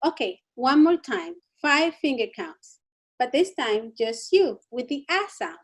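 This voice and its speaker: A woman presents a kids' drama program in a high, bright voice. She is playful and encouraging, urging the children to try each exercise. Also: expressive, a little slow. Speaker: co-host of a children's drama class.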